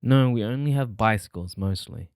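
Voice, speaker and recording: A man reading a timid young soldier who answers hesitantly and quietly, in an audiobook. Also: fairly low pitch, normal speed, smooth, no echo, clean studio sound, close to an everyday voice.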